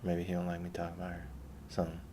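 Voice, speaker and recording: A man's voice: sits low, completely flat delivery, very fast, background noise. A man rambling through a profane, laughing monologue as a podcast host, swearing constantly.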